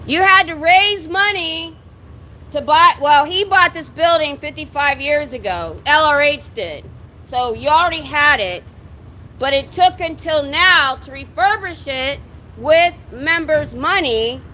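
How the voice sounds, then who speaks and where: A woman with a high, bright, ringing voice projects loudly outdoors in an indignant drill-sergeant manner. She challenges and accuses as she livestreams the protest on her phone, with faint traffic behind her. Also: lively intonation, measured pace. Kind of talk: loud street protest speech. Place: outdoors near a building entrance by a street.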